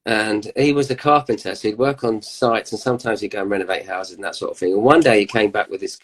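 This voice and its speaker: A man's voice: lowish voice, fast, poor audio. A man in his fifties, a musician guest telling rambling anecdotes in casual chat, with laughs.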